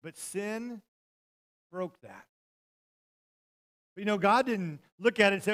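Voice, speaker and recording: A middle-aged man preaching with a high-pitched voice. He tells stories from the pulpit, leaping from loud, shouted bursts down to hushed, almost whispered lines. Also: takes it slowly, long pauses. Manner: storytelling, swings from loud shouting to near-whispers. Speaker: pastor. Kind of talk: sermon.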